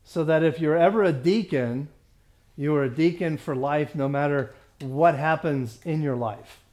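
Reading scripture slowly to his Bible study class, this teacher has a slightly high, somewhat mellow voice. He frequently clears his throat, trips over his words, and says things twice.

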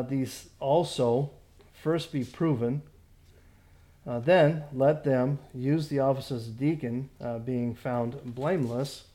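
A man teaching a Bible study as a pastor, halting with many fillers and restarts, stressing points emphatically. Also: mid-range voice, dark tone.

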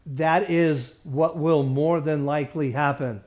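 Chatty man pastor, slightly high voice. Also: fairly even intonation, measured pace, darkish tone. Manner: conversational, many restarts, checks in with the group. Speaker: pastor leading a Bible study. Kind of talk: Bible study discussion.

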